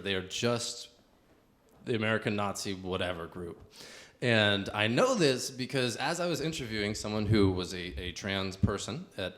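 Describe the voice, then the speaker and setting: A man's voice: on the low side, a bit bright. A young man, a comedian, telling a rambling story to a live audience in a casual, chatty way with lots of fillers.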